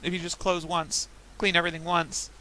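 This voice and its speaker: A woman's voice: fairly low pitch, level tone, a little fast, pushed and bright, a little hiss or hum, rough recording. A young woman in casual chat while playing a game, telling rambling stories with frequent laughs. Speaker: gaming podcaster.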